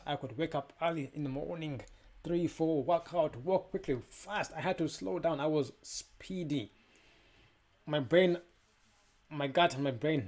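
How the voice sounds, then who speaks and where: A young adult man giving a personal testimony as a motivational speaker, telling his story with animation and acting out the voices of people he quotes. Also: fairly high pitch.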